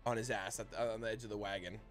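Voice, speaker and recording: A man running a tabletop role-playing game as dungeon master, narrating in a casual, halting way with frequent restarts. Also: lowish voice, steady tone, soft background music. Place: home streaming setup.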